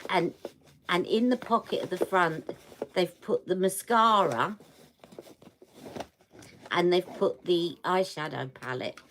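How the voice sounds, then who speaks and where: A woman's voice: lowish voice, slow pace, pauses often, fairly bright tone, slight background noise. A woman hosting a beauty livestream from home, chatting casually and checking in with her viewers as she shows products. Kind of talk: casual live product review.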